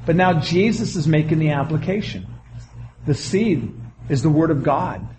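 High-voiced animated pastor preaching. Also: male voice, a little hiss or hum. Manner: animated, quick asides, acts out quoted voices. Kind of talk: sermon.

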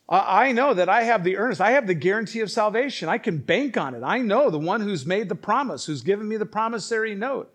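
A male pastor, his voice a bit higher than most men's, preaches an emphatic sermon at a brisk pace with big pitch swings. He drops into quiet asides, then rises to loud, forceful lines.

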